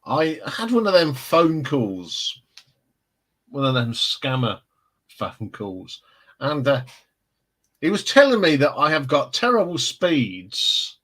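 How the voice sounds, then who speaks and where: A man's voice: mid-range voice, sing-song, slow, long pauses, a bit bright, rough recording. A man hosting a casual live stream, chatting and telling rambling stories. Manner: rambling, chatty storyteller with restarts. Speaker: livestream host.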